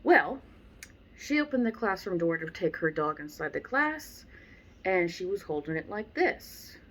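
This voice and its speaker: Woman, dog trainer, lowish voice, casual teaching, blunt, animated, exasperated asides. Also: a little slow. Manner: animated, acts out people she describes. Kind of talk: casual instructional talk.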